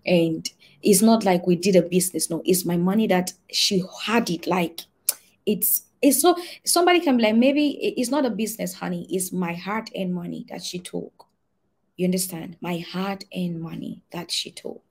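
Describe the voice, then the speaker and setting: A woman pastor giving an earnest prophetic testimony and prayer, repeating key phrases and moving between soft murmurs and shouted prayer. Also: on the low side, normal speed, husky.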